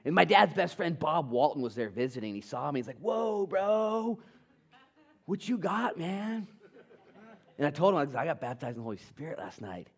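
A middle-aged man preaching a sermon as pastor, swinging from loud emphasis to soft, intimate tones. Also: mid-range voice, expressive, fast, gravelly, few pauses. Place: church sanctuary.

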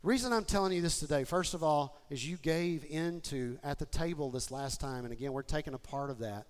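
A man preaching a sermon to his church, moving from quiet, personal talk to shouted, excited appeals. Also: a little high, brisk. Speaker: pastor. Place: church sanctuary with congregation.

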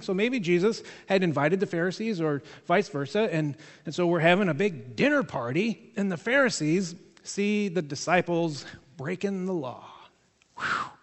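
Male pastor, fairly high voice for a man, relaxed and conversational with jokey asides, preaching a sermon in a church sanctuary that rings with a long reverb.

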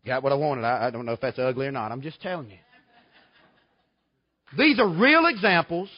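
A man's voice: medium pitch, animated, normal speed, no echo, dull audio. A man preaching a sermon, telling folksy stories with emphatic bursts. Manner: folksy, emphatic storytelling with sudden loud outbursts.

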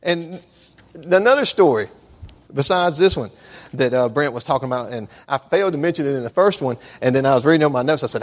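A man's voice: mid-range voice, animated, fairly quick. A man preaching a sermon in a conversational, storytelling way, often restarting his sentences.

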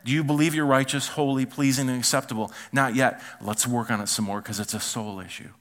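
A man preaching a sermon as pastor, animated, acting out quoted voices and dropping to quiet asides. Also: medium pitch, brisk.

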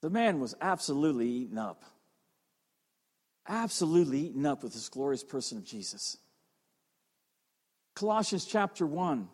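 A man's voice: a little high, a little mellow, husky. A middle-aged man preaching a sermon, telling stories with fervor and repeating phrases for emphasis. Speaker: fire chief and chaplain preaching. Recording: long reverb of a large hall.

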